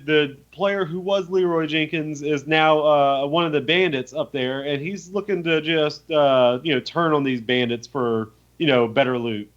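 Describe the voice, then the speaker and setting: A young man co-hosting a podcast, retelling a tabletop game in animated, profane storytelling with lots of fillers. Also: on the high side. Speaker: podcast co-host. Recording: muffled lo-fi audio.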